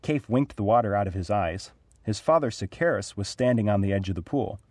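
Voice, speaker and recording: A man reads a storybook aloud in a fairly low voice. His delivery is clear and even. The recording is dry and close. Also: a little fast, no echo. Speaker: narrator.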